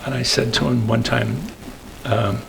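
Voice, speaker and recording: An older man tells stories to a meeting room while clicking through slides. His voice is gravelly and sits at an ordinary pitch. He rambles, hesitates on fillers and keeps tagging his points with "okay?". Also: little pitch movement, unhurried, noisy background. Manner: rambling, peppers sentences with "okay?"; hesitant fillers between phrases. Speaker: guest speaker. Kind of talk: anecdotal storytelling talk.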